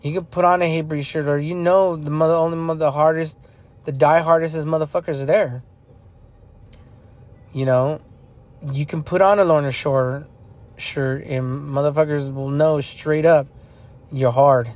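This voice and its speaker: Young guy podcasting, swears a lot, blunt rant, kinda high voice. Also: fairly even intonation, moderate pace, long pauses, darkish tone. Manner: blunt, profane, repetitive ranting. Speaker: podcast host. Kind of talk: casual opinion monologue.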